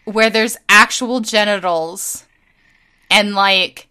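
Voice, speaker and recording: A woman co-hosting a casual chat podcast, swearing freely and ranting with low energy, full of fillers and halting restarts. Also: fairly even intonation, pushed and bright, clean tone. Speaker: podcast co-host.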